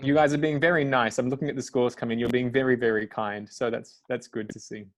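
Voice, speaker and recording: A man hosting a live online webinar in a relaxed, halting way, with many fillers. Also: mid-range voice. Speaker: webinar host.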